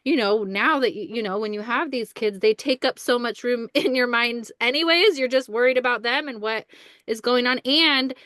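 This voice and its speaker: Podcast guest: a woman with a slightly high, smooth, resonant voice. Earnest and thoughtful, a little rambling. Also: moderate pace, a bit bright, dry recording, clean studio sound. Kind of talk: casual conversation.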